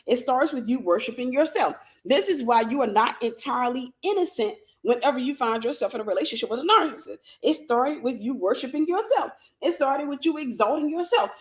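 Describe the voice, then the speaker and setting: Woman preacher, emphatic and repetitive, slightly high voice, Bible teaching. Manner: emphatic, repetitive, calls out to listeners. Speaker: minister teaching a lesson. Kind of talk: sermon-style Bible lesson.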